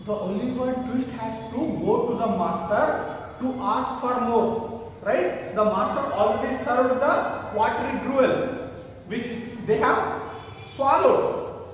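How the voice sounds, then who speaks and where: A man teaches a story lesson in a very high voice, slowly going over each phrase again. He keeps asking the class questions and then answering them himself. He sounds distant in a roomy space with a long echo. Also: a little hiss or hum. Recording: echoey room from far off, faint ambience.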